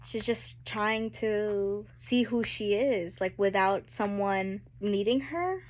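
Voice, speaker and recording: A woman's voice: mid-range voice, slow. A woman chatting casually and emotionally in a reading-reaction vlog, with lots of "like" fillers. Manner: gushing, emotional, heavy use of "like". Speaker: book vlogger.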